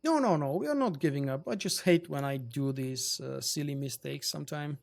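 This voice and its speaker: A man with a slightly high voice chats casually while he plays a game live. He greets viewers by name and answers their messages easily. He speaks English as a second language. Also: normal speed, vocal fry, a little mellow. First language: not English. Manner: chatty, answers viewers by name, with small fillers. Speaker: livestream gamer reading chat. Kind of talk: casual live-stream chat over gameplay.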